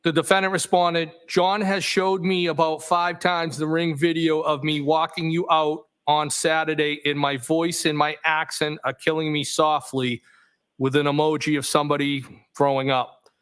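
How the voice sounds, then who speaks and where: A man testifying as a trial witness, reading text messages aloud in a steady, matter-of-fact way, saying the punctuation out loud. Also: on the high side, normal speed, clear, resonant tone. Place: courtroom.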